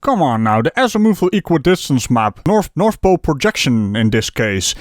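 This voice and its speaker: A man's voice: on the high side, sing-song, moderate pace, hardly any pauses, no echo, clean studio sound. A man giving mocking, sarcastic commentary on a video, laughing at what he hears. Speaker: debunking commentator.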